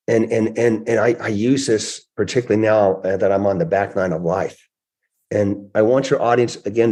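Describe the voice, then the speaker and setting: A man's voice: fairly low pitch, a little mellow. A man in his sixties, a guest author, telling stories in an interview with emphatic delivery. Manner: emphatic, acts out quoted voices. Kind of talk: animated storytelling interview.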